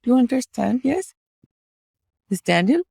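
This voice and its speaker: A woman's voice: big pitch swings, unhurried, creaky, breathy edge, no echo, studio quality, exaggerated voice. A woman putting on a lilting Swedish accent. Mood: playful. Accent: put-on Swedish. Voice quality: lilting, soft, high.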